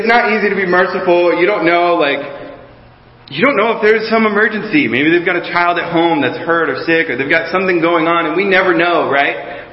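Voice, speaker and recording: A man preaches to his congregation in a relaxed, talky style, often backing up and rephrasing as he goes. His voice sits a bit high, and it rings around a large reverberant hall. The recording is a little dull and lo-fi. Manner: conversational preaching with many restarts and asides to the congregation. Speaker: pastor. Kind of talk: sermon. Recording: roomy hall sound, slightly dull.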